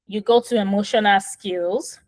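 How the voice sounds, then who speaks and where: A woman's voice: medium pitch, steady tone, moderate pace, a little mellow, no room sound, rough recording. Woman, parenting coach, casual instructive talk, patient and step-by-step, phone mic in a dead-dry room. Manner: patient, step-by-step explaining with frequent "right?".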